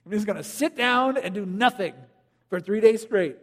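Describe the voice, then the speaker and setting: A man acting out a worn-out, lazy father who wants everyone to leave him alone, grumbling slowly. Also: high-pitched. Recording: long hall reverb.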